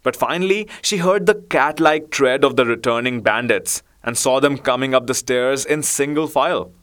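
A man reading a children's story aloud in a measured, expressive way. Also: mid-range voice. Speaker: narrator.

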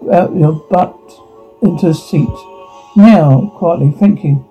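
Man, higher pitch, husky and gravelly; reads every role and the sound cues himself; dull lo-fi take, faint music under it. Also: slow pace. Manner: reads sound cues aloud between lines. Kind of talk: reading all parts of a teen drama scene aloud. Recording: dull lo-fi recording.

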